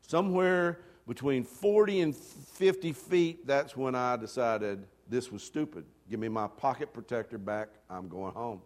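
A man preaching a storytelling sermon, self-deprecating and animated, dropping to hushed asides and then rising to loud, excited bursts. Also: medium pitch, a little slow, few pauses. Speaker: pastor.

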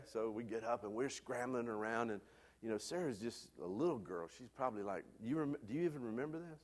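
A man preaching a sermon, telling a lively personal story before turning to a quieter, earnest point. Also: medium pitch, brisk. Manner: animated storyteller, loud hollering peaks. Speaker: pastor.

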